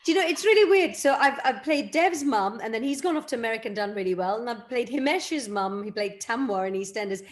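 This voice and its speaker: A woman's voice: on the high side, expressive, quick pace, hardly any pauses. A middle-aged woman from England, an actress chatting as a guest in a casual interview and laughing often.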